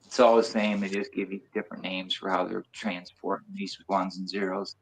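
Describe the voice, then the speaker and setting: A man's voice: low voice, level tone, a little fast, low-quality recording. A man in his sixties chatting casually on a stream, rambling, swearing and laughing often. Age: 60s.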